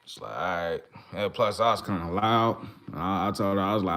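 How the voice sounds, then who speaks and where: A man's voice: deep voice, fairly quick, fairly bright tone. A man talking in a casual, profane, repetitive rant, upset and fired up after his team lost. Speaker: Eagles fan. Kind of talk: casual venting monologue.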